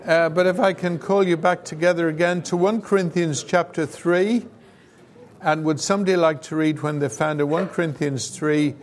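A man with a fairly high, fairly even voice speaks at a moderate pace. He leads an informal sermon and Bible teaching session with audience participation, talking conversationally and dropping in asides and fillers.

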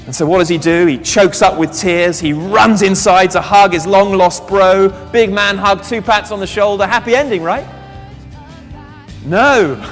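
Guy preaching, reads verses, asks the room questions, slightly high voice, big hall echo. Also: unhurried, soft background music. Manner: animated storytelling, reads scripture aloud, asks the congregation questions. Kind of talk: sermon. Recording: long reverb of a large hall.

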